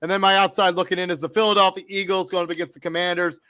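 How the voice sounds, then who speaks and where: A man talks fantasy football rankings on a casual sports podcast, with a bright, forward tone and a voice sitting a little higher than most. He is close to the mic in a dry space and keeps it loose, tossing in fillers and correcting himself as he goes. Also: level tone, rapid-fire, clean tone, no room sound.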